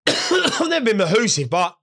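Young man, solo host, gravelly and bright, jokey and sweary. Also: high-pitched, big pitch swings, unhurried. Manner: rambling, sweary, jokey storytelling. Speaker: podcast host. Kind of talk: casual solo monologue.

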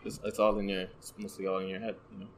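Soft-voiced, hesitant lower-pitched man. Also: completely flat delivery, fast talker, a little hiss or hum. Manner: hesitant, many fillers and restarts. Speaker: guest, photographer and content creator. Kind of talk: casual conversation.

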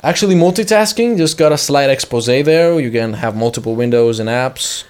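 Guy cohosting a tech podcast, rambly and jokey, middle pitch, cuts himself off a lot. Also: animated, normal speed, a little mellow, clean tone. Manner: joking, rambling, trails off mid-sentence. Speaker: podcast co-host. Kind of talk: casual chat.

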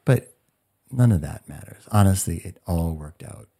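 A man in his forties telling a story in a podcast interview, animated and acting out what people said. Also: low voice, moderate pace, vocal fry, breathy edge. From United States. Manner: animated storyteller, acts out quotes. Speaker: guest.

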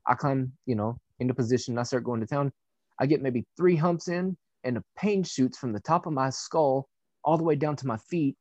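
A man's voice: mid-range voice, a little mellow, no echo. Candid, profane young man telling a story. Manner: candid and profane, with frequent fillers. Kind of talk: casual personal anecdote.

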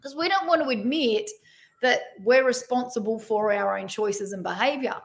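A woman with a slightly high voice coaching through a casual live stream. Her talk is loose and conversational, full of quick check-ins and restarts as she explains ideas to her viewers. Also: gravelly. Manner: conversational, loose, frequent tag questions and restarts. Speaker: addiction and trauma recovery coach.

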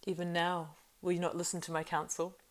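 A woman's voice: on the low side, little pitch movement, fairly quick, natural voice. A woman voicing a proud, silver-tongued old male wizard in an audiobook reading, lofty and coaxing in manner. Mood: haughty. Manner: coaxing and lofty, turning hissing and scornful.

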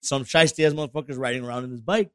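A man's voice: medium pitch, very fast, dry recording, clean studio sound. A man telling a story on a podcast, swearing a lot and acting out quotes, switching into now and then. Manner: animated, heavy swearing, acts out quotes. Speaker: podcast guest. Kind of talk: casual storytelling.

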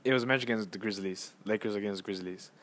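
A young man hosting a casual solo podcast on his phone, rambling and excitable as he tells a story with lots of fillers and restarts. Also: fairly low pitch, fast talker. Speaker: podcast host.

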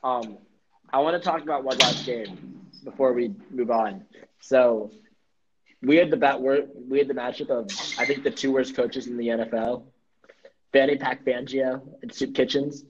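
A young man with a medium-pitched voice hosts a casual sports podcast at a moderate pace, rambling through jokey theories and swearing freely. The audio is muffled and lo-fi, with a noisy background.

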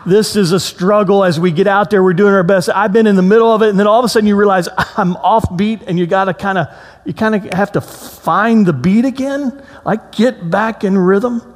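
A pastor delivers his sermon with a slightly high-pitched voice that carries a long reverberant tail through a church sanctuary. He tells stories animatedly, jumping into raised voices for the people he quotes. Between stories he settles into slow, reflective reading.

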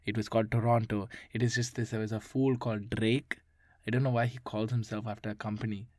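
A man voicing a confused, flustered interview guest from Toronto who speaks with a put-on strong accent, halting and repeating himself. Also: on the low side, level tone, fairly bright tone, no room sound, studio quality. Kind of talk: improvised comedy interview sketch.

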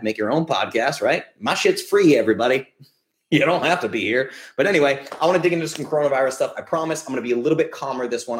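A fired-up man hosts a live podcast from home, talking into his laptop with loose, energetic chatter. His pitch sits in an ordinary middle range, and he swings quickly into ranting and swearing when something annoys him. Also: roomy sound. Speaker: podcast host and nutritional therapist. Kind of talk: casual live-stream chat. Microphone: laptop mic.

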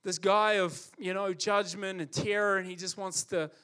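A man delivering a sermon with impassioned emphasis, stacking repeated phrases to drive his points home. His speaking voice sits high for a man. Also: fairly even intonation, normal speed, bright, forceful tone, smooth. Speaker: preacher.

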